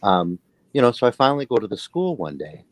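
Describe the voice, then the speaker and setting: A man speaking in a measured, halting way as a guest in casual chat. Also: lowish voice, very animated, dry recording.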